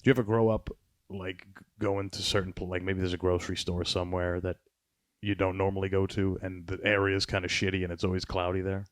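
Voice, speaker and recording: A man's voice: low voice, little pitch movement, fairly quick, dry recording, clean studio sound. A man hosting a podcast, chatting in a rambling, sarcastic way and swearing often. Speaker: podcast host. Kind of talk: casual podcast chat.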